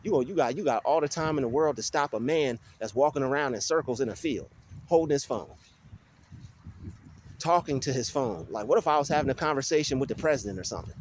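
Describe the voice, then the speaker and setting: A young man vlogging on his phone while walking outdoors in a field, talking in an animated, ranting way with many restarts. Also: medium pitch, fast, slight background noise. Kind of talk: casual vlog monologue. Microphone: phone held while walking.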